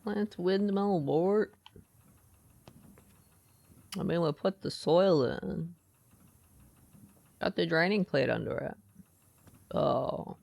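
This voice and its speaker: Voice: mid-range voice, gravelly, a little mellow. A streamer giving live gaming commentary, chatty, thinking aloud and reading game text aloud. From United States.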